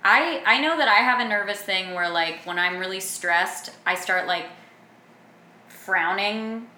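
A woman's voice: medium pitch, a little slow, sharp tone. A young adult woman co-hosting a podcast, chatting casually and animatedly, swearing now and then. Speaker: podcast co-host. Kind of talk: casual chat. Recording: echoey room with faint noise.

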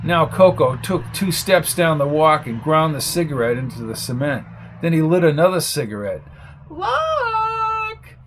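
A man narrating a detective story in an audiobook, reading with lively expression. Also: on the high side, normal speed, a little hiss or hum.

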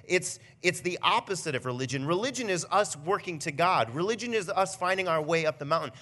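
Brief: young male pastor, bright higher voice, animated storyteller. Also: fairly quick. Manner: animated storytelling, builds to near shouting. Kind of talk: conversational Christmas Eve message.

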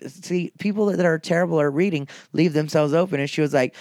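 A middle-aged stand-up comedian talking in a casual, profane and combative monologue. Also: male voice, on the high side, a little fast, darkish tone, dry recording, clean studio sound.

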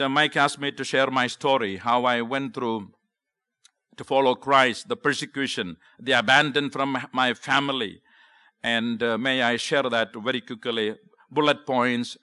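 A man from Kerala in South India with a Kerala accent, preaching a sermon and sharing his testimony in an earnest, emphatic way, pausing often. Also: medium pitch, steady tone, bright, forceful tone, clean tone. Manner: earnest, emphatic, with frequent pauses and fillers.

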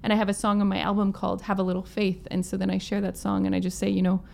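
Woman telling a story, a bit of vocal fry. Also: medium pitch, very fast, a little hiss or hum. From Manitoba, Canada. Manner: animated storyteller, acts out quotes in her own voice. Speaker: guest musician, violinist and singer. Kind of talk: storytelling in a casual interview.

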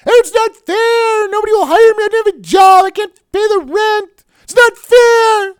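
A radio host mocking a self-pitying complainer by putting on a high, drawn-out whine. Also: male voice, no echo, clean studio sound. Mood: whiny.

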